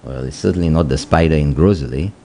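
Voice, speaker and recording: A man with a Saint Lucian accent hosts a morning radio call-in show in a warm, rumbling low voice, talking fairly quickly. He teases playfully and mixes English with Kwéyòl.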